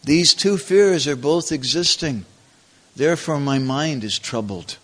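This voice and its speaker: A man voicing an aging cowherd king father, tender, soft-hearted and troubled, in a devotional story retelling. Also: on the high side, unhurried.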